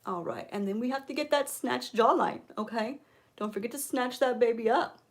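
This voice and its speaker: Lady doing a fake beauty tutorial, bit high-pitched, gravelly fry, deadpan coaxing. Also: normal speed. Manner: deadpan ironic influencer patter; coaxing, keeps repeating "okay?". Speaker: beauty vlogger. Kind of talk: mock makeup tutorial.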